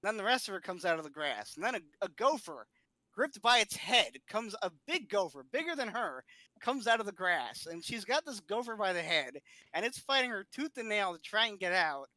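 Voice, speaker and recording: A man on a podcast, telling a funny story in a lively way and laughing often. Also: high voice, normal speed, no echo. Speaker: podcast co-host. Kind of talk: casual storytelling chat.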